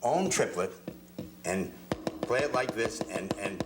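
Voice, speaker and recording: A man's voice: lowish voice, lively intonation, takes it slowly, echoey room, background noise. A man giving a hands-on drum lesson, explaining technique step by step and often repeating words as he demonstrates. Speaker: drum teacher. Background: drum hits between phrases.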